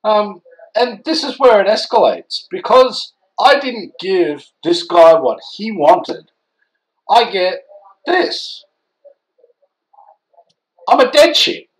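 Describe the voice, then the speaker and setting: A man's voice: high-pitched, takes it slowly, rough recording. A man ranting indignantly in an opinion vlog, exasperated and scolding. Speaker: vlogger.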